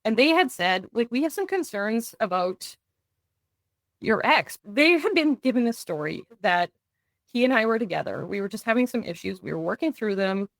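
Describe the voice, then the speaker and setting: A woman's voice: mid-range voice, lively intonation, brisk, gravelly, no echo. A young adult woman recounting a personal story in an earnest way, acting out what others said. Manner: earnest, tells events in vivid runs with quoted dialogue. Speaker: guest. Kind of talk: personal story in a podcast interview.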